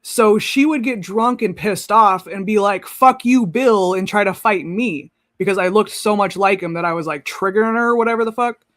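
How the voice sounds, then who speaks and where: A man's voice: sits high, moderate pace, hardly any pauses, a bit bright, dry recording, clean studio sound. A young man in casual chat on a live stream, blunt and candid with heavy swearing.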